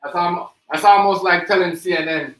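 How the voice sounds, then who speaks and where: A man's voice: high-pitched, steady tone, brisk, pushed and bright, rough recording. A man hosting a reaction livestream, ranting in a heated, mocking way and repeating himself. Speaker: livestream host.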